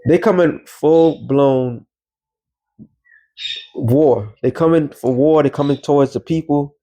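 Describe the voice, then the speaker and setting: A man's voice: on the high side, slow pace, warm tone. Rambling man. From New York. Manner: rambling, loose, streetwise talk. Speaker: religious commentator. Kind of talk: casual commentary vlog.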